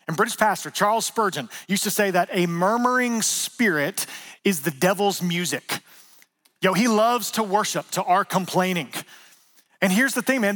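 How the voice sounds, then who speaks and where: A man in his thirties preaching a sermon as pastor, conversational and animated, acting out quotes and joking with the congregation. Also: high voice.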